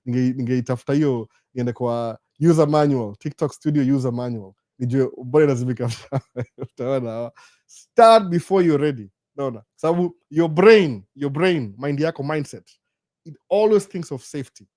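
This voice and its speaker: A man with a Kenyan accent hosting a casual live Q&A, talking in a chatty, animated way with jokey asides. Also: medium pitch, normal speed, no room sound, clean studio sound. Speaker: live-stream host. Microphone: studio microphone.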